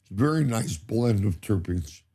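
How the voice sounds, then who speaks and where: A man's voice: on the low side, animated, normal speed, mellow, breathy edge. An older man, a guest in a casual chat, telling stories animatedly and laughing often. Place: cannabis company campus studio.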